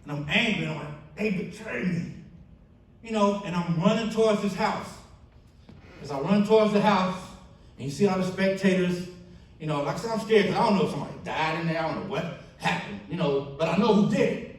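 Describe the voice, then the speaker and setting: A man's voice: high voice, fairly quick, distant mic. Storytelling man in an echoey hall. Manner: storytelling, acts out quoted friends in animated bursts. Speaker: keynote speaker. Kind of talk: testimony speech at a banquet. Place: church banquet hall.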